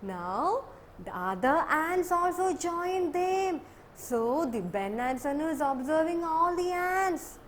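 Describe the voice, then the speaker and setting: A woman's voice: very high voice, big pitch swings, slow pace, a little hiss or hum. A woman teacher telling a story to young children in a sing-song way, often asking them questions. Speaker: primary school teacher.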